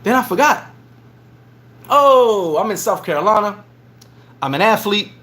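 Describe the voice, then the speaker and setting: A middle-aged man with a rather high voice tells stories on his vlog. He talks in a loose, animated way, often doubling words as he goes along. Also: unhurried. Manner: animated, repeats words while telling stories. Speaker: vlogger. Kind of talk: casual storytelling monologue.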